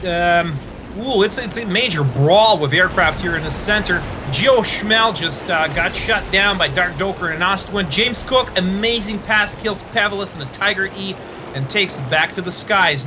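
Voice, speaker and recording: A man's voice: high voice, noisy background. A man with a Russian accent commentating a live tank game stream, joking and rambling with fillers. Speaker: esports commentator.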